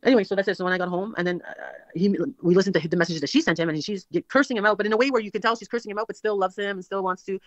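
A woman's voice: medium pitch, dry recording. A woman rattles off a rambling personal story at a breakneck pace, stacking up fillers and quoted lines. The clip sounds dull and lo-fi. The voice is dry and close. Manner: rapid, breathless storytelling full of fillers and quoted dialogue.

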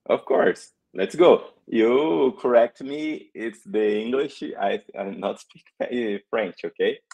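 A man from Brazil with a Brazilian Portuguese accent, presenting a live coding demo in halting English, searching for words. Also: medium pitch, vocal fry, darkish tone, husky, rough recording.

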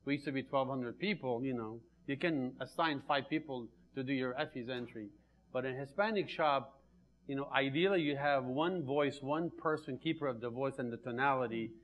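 A man on a marketing panel gives firm, practical advice after a few halting starts. His voice sits at a middle pitch and the recording sounds a little dull. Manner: confident advice-giving, hesitant starts. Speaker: panelist, agency executive. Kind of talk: panel discussion.

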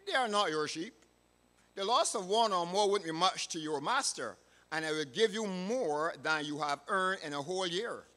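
A man's voice: sits high, lively intonation, normal speed, sharp tone. A man reading the part of a hungry, lost hunter who coaxes a boy, in a reverberant hall. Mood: coaxing. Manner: coaxing, then indignant. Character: hungry, scheming nobleman posing as hunter.

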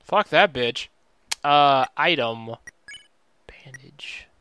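A man giving casual gameplay commentary, reacting excitably, cursing often and reading on-screen game text aloud. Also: medium pitch, drawn-out words, clear, resonant tone. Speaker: let's play gamer. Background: game music.

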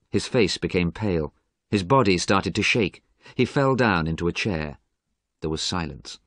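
Deep-voiced man reading a story expressively. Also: dry recording, studio quality. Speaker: narrator. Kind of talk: scripted story narration for English learners.

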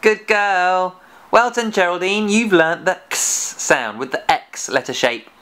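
A man hosting a children's phonics lesson with a puppet, encouraging and praising as he sounds out letters slowly and clearly. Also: sits high, pushed and bright. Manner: encouraging, praising and playfully scolding; slow and exaggerated, sounding out letters. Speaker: phonics teacher and host.

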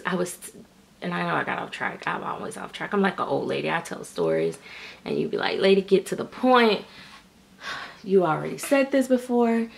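A middle-aged woman talks casually to her viewers. Her voice sits a bit low and has a gravelly edge. She rambles, circles back and fills her sentences with "like" and "um.". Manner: rambling, many fillers and restarts. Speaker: reborn doll artist and vlogger.

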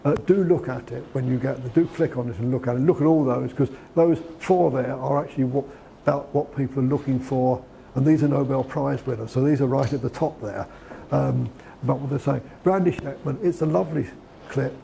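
A guest lecturer with a mid-range, creaky, dark voice talks a little fast about preparing a CV. His delivery is conversational, full of restarts and fillers, with slight background noise.

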